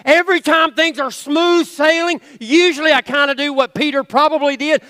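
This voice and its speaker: High, bright-voiced pastor preaching. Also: male voice, normal speed, few pauses, dry recording, in a large hall. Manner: earnest, conversational preaching with playful asides. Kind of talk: sermon. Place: church sanctuary.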